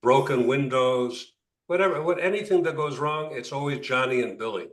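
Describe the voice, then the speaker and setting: Joking with his students and often repeating words as he works through his thoughts, a rabbi leads an interactive class. His voice is medium-pitched and a bit bright at a normal speed, recorded from afar in an echoey room.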